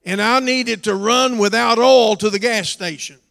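A middle-aged man preaching a storytelling sermon in a church, dropping to a quiet telling voice and rising to shouts. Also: extremely high pitch, normal speed, gravelly. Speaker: pastor. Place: church hall. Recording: long hall reverb.

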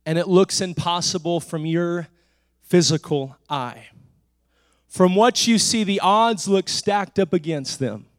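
Preacher, man, very high voice; shouted "uh"-punctuated climaxes, quiet low asides. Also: smooth, no echo. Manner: builds to shouted, drawn-out declarations with "uh" between phrases; drops to soft, low speech between climaxes. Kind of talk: sermon. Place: church.

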